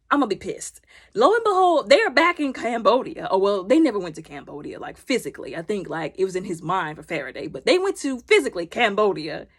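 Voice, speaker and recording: Young woman doing a casual show recap, super expressive, keeps going "he was like" and acting out the lines. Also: mid-range voice. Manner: animated retelling, acting out characters with "he was like".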